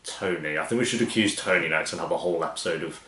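A man's voice: sits low, sharp tone, roomy sound. A man hosting a TV reaction, chatting casually and mocking what he watches. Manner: sarcastic, chatty, quick to mock. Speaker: TV reaction host.

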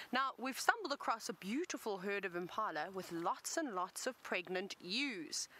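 A woman's voice: fairly high pitch, sharp tone. A woman presenting a live safari show outdoors, upbeat and welcoming. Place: outdoors in the bush on a windy day. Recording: outdoor broadcast with faint wind noise.

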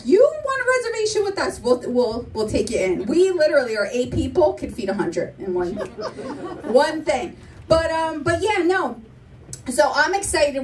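A young woman performing a stand-up comedy set, animated and slipping into quick impressions of her family. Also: sits high, far from the mic, poor audio. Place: comedy club stage.

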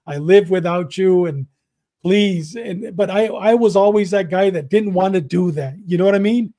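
Earnest higher-voiced man telling his story. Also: moderate pace, dark tone, dry recording. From Southern California. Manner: earnest, repeats himself, acts out both sides of remembered dialogue. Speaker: guest, retired police detective. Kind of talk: emotional personal storytelling.

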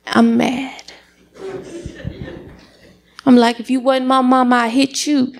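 High, gravelly woman giving a dramatic testimony. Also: a little fast. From United States. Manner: animated, dramatic storytelling. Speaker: church member giving testimony. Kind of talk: personal testimony.

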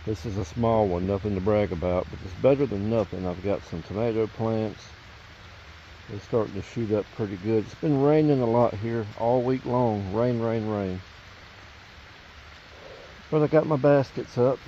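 A man's voice: fairly low pitch, moderate pace, mellow, slight background noise. A man, chatting casually to viewers in a rambling, folksy way while filming outdoors by a pond. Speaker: vlogger. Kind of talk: casual outdoor vlog narration. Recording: dull lo-fi outdoor camera audio.

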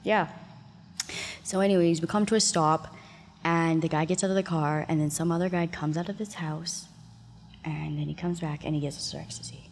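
Her voice is low-pitched, steady, and darkish at a normal speed: a woman from Canada in her thirties sharing her story as a guest in casual conversation. She laughs often, swears plenty, and performs other people's voices, all in an echoey room with long reverb and faint noise.

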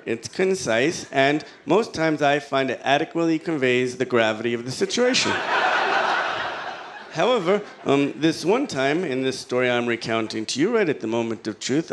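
A man performing a stand-up comedy set, with a slow, deadpan, soft-spoken delivery that jumps suddenly up in pitch. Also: a little hiss or hum. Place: comedy club stage with audience. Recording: live audience laughter behind.

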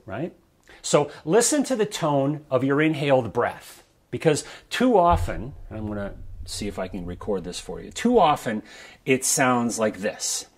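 Man coaching breathing, chatty and relaxed. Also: medium pitch. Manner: relaxed, conversational, checks in with "right?". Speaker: trombone coach. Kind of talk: instructional video talk. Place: his studio.

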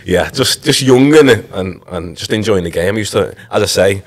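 This former footballer from Liverpool, England, in his thirties, speaks on the low side at normal speed. Chatting on a laid-back podcast, he spins easygoing stories peppered with "like" and "you know."

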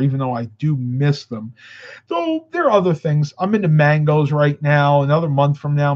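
A tired, slightly winded man talks casually on a live stream. He rambles from one viewer comment to the next in an easygoing way. His voice sits a bit high, and the audio is dull and lo-fi. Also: darkish tone. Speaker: vlogger answering live chat. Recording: muffled lo-fi audio.

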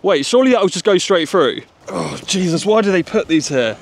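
A young man chatting casually for his vlog outdoors, excitable and quick to laugh. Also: high-pitched, creaky. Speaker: vlogger. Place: outdoors at a park and skate park. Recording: noisy outdoor camera audio.

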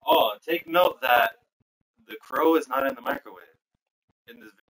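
A man's voice: medium pitch, normal speed, a bit bright. A man playing a game with a friend on a livestream, bantering in a laid-back way. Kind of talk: casual gaming chat. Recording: noisy sensor-mic capture.

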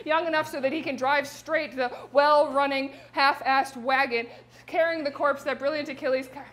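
A woman voicing a reassuring female goddess messenger who rattles off her message quickly and casually. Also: high voice, fairly even intonation, fairly bright tone. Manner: rapid, breezy, reassuring.

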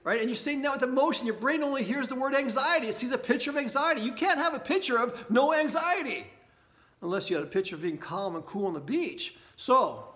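A man from Canada giving an energetic motivational talk to camera about an anxiety workshop, often checking in with his listeners. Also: very high-pitched, fairly quick. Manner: energetic, keeps checking in with "right?" and "okay?".

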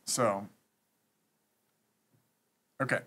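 A man's voice: very slow, a bit bright. A man hosting a live stream, chatting casually and reading out thanks to supporters. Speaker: streamer scambaiting host.

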